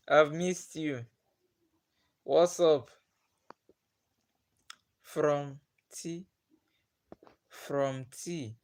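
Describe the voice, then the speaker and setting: A young Nigerian-accented man hosts a relaxed livestream, calling out viewers' names and chatting with them. His voice is slightly high, his pace easy and drawn out, and he laughs a lot between questions.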